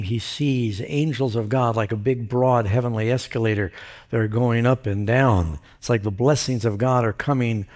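A man preaching a sermon, retelling a scripture story with lively storytelling and character voices. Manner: animated retelling, voices characters with pitch jumps.

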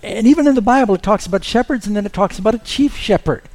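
A male pastor delivers a sermon in a somewhat high voice. He tells stories and lifts his voice to act out the lines he quotes. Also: quick pace, darkish tone. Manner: storytelling, acts out quoted lines in a raised voice.

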